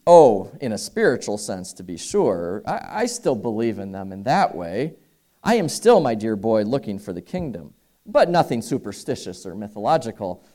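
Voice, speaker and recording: A man's voice: lowish voice, big pitch swings, normal speed, warm tone. A man voicing a condescending, pompous theologian who patronizes an old friend.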